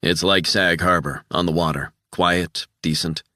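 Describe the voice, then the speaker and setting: A man reads a calm, terse investigator in an audiobook. The voice is deep and level, with a bright, forward tone. The recording is close and dry. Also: a little slow, dry recording.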